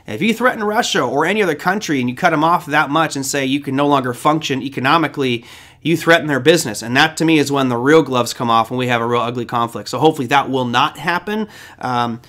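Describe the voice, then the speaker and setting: A man's voice: mid-range voice, fast talker, a bit bright. A man hosting a trading show, giving casual market commentary in a rambling, conversational way with side stories.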